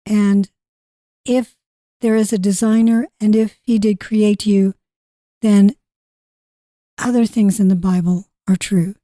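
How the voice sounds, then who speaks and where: A woman co-hosting a casual Christian radio talk show, speaking earnestly and chiming in gently. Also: medium pitch, fairly even intonation, slow, pauses often, no room sound, clean studio sound. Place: barn studio.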